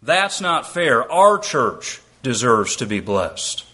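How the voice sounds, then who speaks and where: A man voicing a whiny, entitled complainer who keeps protesting that things are not fair, in a slow, drawn-out whine. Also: medium pitch, very animated, sharp tone, breathy edge, full character voice. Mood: whining.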